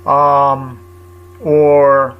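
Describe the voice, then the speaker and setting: A man vlogging a rambling personal account, halting and repetitive as he searches for words, and agitated and indignant. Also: mid-range voice, flat delivery, clear, resonant tone, muffled recording.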